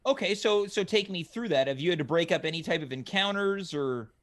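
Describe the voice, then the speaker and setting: A man with a high, light voice hosts a comedy interview. He keeps a polite, mock-earnest tone with his guest. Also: expressive, brisk, fairly bright tone. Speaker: host.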